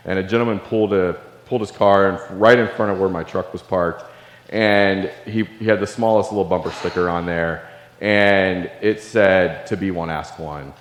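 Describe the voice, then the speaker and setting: Man, low voice, earnest confessional storytelling, long hall reverb. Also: fairly even intonation, normal speed. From Illinois. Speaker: keynote speaker, Navy veteran. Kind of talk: personal story speech. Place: large hall.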